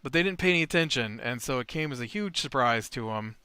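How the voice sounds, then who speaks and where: A man's voice: mid-range voice, expressive, fast, pushed and bright, smooth, no echo. A man hosting a casual Minecraft let's play, rambling through a retold tabletop session with many fillers and restarts. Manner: retells a tabletop session while building. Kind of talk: casual game commentary and storytelling.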